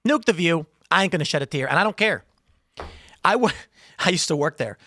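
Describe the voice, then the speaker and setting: A man hosting a political commentary show, talking in a sarcastic, rambling way with animated asides on a close mic. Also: a little high, a little fast, no echo. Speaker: host.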